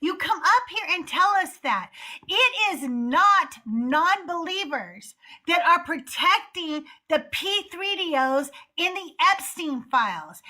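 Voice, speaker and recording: Bright high-voiced woman show host. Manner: emphatic, swears when worked up. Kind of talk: casual chat.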